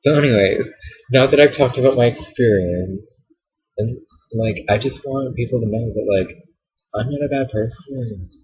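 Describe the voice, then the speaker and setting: A man's voice: normal speed, slightly rough. A young man venting to the camera in a heated, profane, sassy rant, recorded on a poor built-in camera mic. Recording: dull low-quality camera audio.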